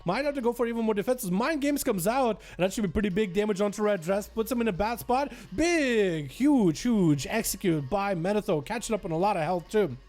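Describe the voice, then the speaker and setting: A man giving excitable, gung-ho play-by-play commentary on player duels in an online game. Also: high voice. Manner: excitable, gung-ho, quick reactions.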